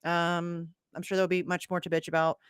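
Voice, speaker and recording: A woman's voice: fairly low pitch, monotone, fairly quick, smooth, no echo, clean studio sound. Blunt, cynical woman podcast host. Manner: profane, blunt and cynical, laughs often. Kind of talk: casual chat.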